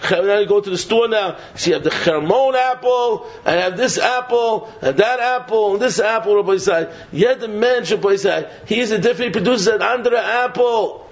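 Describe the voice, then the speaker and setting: A high-pitched man preaching a Torah sermon in a rolling sing-song. He keeps sinking to a low, quiet refrain between phrases. The recording sounds dull and lo-fi. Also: brisk, hardly any pauses. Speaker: rabbi giving a Torah talk.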